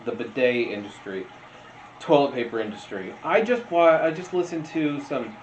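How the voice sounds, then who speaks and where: A man's voice: mid-range voice, expressive. A man doing casual meme reaction commentary, rambling, telling stories and laughing often. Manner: slow, rambling, laughs a lot. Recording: roomy, dull lo-fi sound with faint noise.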